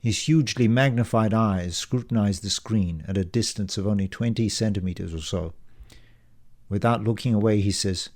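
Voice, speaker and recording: An author reads his own novel aloud, narrating in the first person. His voice sits on the low side for a man, and he tells the story in a measured, descriptive way at an even reading pace.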